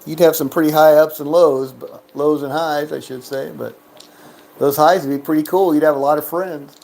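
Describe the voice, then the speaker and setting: A man's voice: fairly high pitch, steady tone, moderate pace, gravelly, a little mellow. A man giving casual, joking commentary while playing a craps game, chatting to himself and counting bets and chips aloud.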